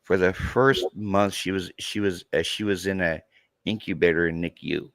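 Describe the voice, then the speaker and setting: A man in his thirties talking in a halting, emotional way in a podcast conversation, near tears and repeating himself. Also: sits low, steady tone, a bit bright, no echo, studio quality. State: tearful. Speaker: true crime content creator.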